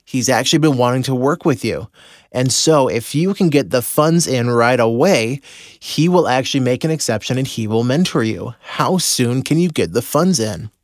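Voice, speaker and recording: A man's voice: medium pitch, dry recording, clean studio sound. A man hosting a podcast, telling a personal story to his listeners and acting out his own inner voice. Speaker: podcast host and business mentor.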